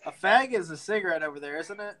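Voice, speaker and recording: A man's voice: sits high, lively intonation, fast talker, sharp tone. A man co-hosting a casual chat, loose and crude, laughing easily. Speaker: podcast co-host.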